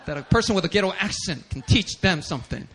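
A preacher voicing God, calm and reassuring. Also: male voice, high-pitched, quick pace, slight background noise. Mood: amused.

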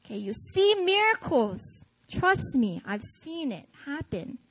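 Woman pastor, high bright voice, lively storytelling sermon with frequent laughs. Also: a little slow, poor audio. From United States. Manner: animated, chatty, frequent laughter.

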